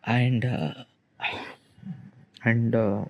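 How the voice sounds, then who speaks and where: A man, giving a halting, rambling confessional monologue in which he questions himself aloud. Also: mid-range voice, fairly even intonation, no echo, muffled recording. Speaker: vlogger. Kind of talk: confessional self-talk monologue.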